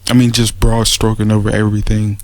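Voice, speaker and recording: A man's voice: lowish voice, completely flat delivery, fairly quick, dry recording. A man giving a mocking, rambling spoken rebuttal, sarcastic and full of restarts. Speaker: commentator making a response audio.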